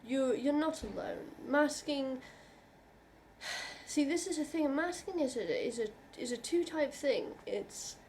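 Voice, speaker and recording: Earnest, halting woman vlogger, fairly high voice. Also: slight background noise. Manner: earnest and reassuring, halting with frequent restarts; heartfelt, openly emotional. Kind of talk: personal talk to camera.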